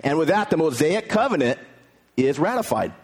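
A pastor preaching a sermon in a relaxed, conversational way, reading scripture and retelling it in everyday words. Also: male voice, a little high, moderate pace, slightly rough.

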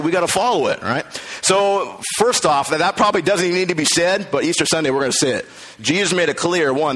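A man pastor preaching an Easter sermon in a conversational way, acting out quoted voices and rising to excited shouts. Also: fairly high pitch, breathy edge.

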